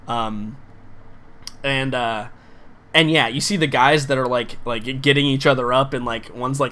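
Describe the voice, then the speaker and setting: A man's voice: mid-range voice, a bit bright. A man running a tabletop game as game master, narrating in a loose, casual way with many fillers.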